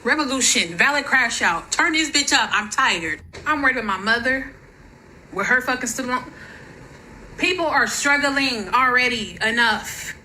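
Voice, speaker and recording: Woman, angry vlog rant, high bright voice, profane, faint noise behind. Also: lively intonation, normal speed, poor audio. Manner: furious, profane, shouting in bursts. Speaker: social media creator.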